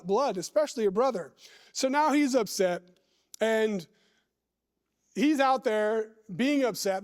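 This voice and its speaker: A man preaching a sermon in a church. He reads scripture and talks deliberately, stretching words and putting questions to the listeners. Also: high-pitched, a little mellow.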